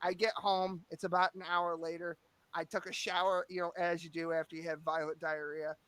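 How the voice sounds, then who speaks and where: Crude high-voiced man telling a story. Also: little pitch movement, brisk, fairly bright tone, no echo. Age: 30s. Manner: crude, profane, rambling comic storytelling. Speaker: storyteller guest. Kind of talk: casual podcast anecdote.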